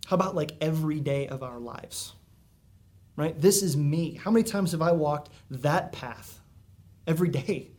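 A man delivers a sermon, speaking earnestly and conversationally. He leans into dramatic pauses and emphasis, and his voice sits a little high for a man. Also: darkish tone. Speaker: pastor. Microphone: recorded for viewers at home.

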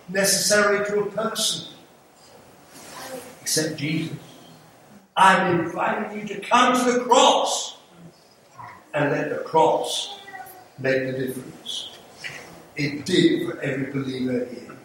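A man's voice: a little high, animated, a little slow, pauses often, fairly bright tone. An older man with an English accent, preaching an earnest, pleading evangelistic sermon with light humour in a church sanctuary. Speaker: visiting evangelist. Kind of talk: evangelistic sermon with altar call. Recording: echoey church from a distance, noisy.

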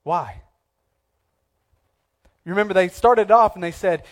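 A man preaching a sermon as pastor, moving between hushed, low passages and emphatic, repeated declarations. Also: a little slow, pauses often.

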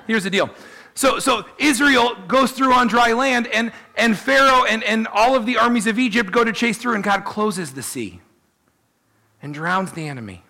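A man preaching a sermon, telling the story in an animated way and voicing the people he quotes. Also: very high voice, moderate pace, gravelly. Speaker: pastor.

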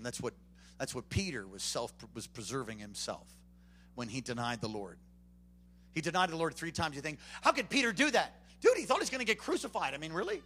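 A man preaching a sermon to a congregation, swinging from hushed asides to loud, animated bursts. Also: mid-range voice, slight background noise. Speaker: pastor. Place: church before a congregation.

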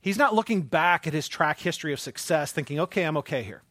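Male pastor, preaching, somewhat high voice, dry close sound, animated storytelling. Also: fast, hardly any pauses, dry recording. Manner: animated storytelling, swings from loud to hushed. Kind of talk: sermon.

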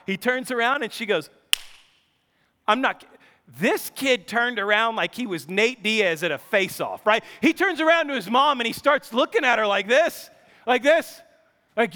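A man in his thirties, a pastor preaching a sermon with storytelling, animated, laughing often, his voice jumping high when excited. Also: moderate pace. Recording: long hall reverb.

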